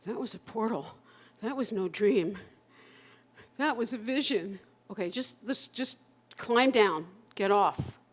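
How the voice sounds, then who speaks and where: A woman in her sixties performing an autobiographical one-person stage monologue, raw and emotional, with halting repetitions and bursts of swearing. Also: mid-range voice, animated. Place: live performance at a community center.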